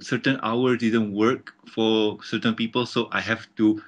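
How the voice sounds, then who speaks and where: A man's voice: lowish voice, fairly even intonation, a little slow. A man chatting casually as a podcast guest on an online call, rambling, stammering now and then and laughing often.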